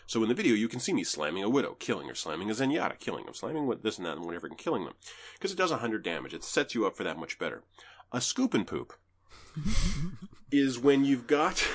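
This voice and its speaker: A young Canadian man with a Canadian accent, talking casually about a video game as a podcast co-host. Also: mid-range voice. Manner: animated, laughs often. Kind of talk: casual gaming chat.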